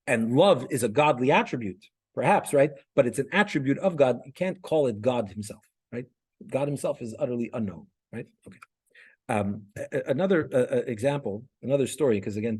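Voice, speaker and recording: A man with a husky, darkish, medium-pitched voice teaches a class. His lecture is conversational and story-driven, marked by many restarts and repeated "right?" check-ins with the students.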